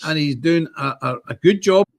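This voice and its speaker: A man's voice: a little high, moderate pace, crowd noise. An older man hosting a casual political commentary stream, rambling and emphatic, reading viewer comments aloud. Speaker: show host.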